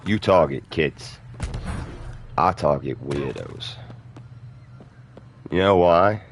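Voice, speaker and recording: A man's voice: rumbling low, expressive, slow pace, creaky, slight background noise. A British man giving casual, profane, ranting commentary while playing a video game. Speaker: gaming streamer. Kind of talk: casual commentary over gameplay.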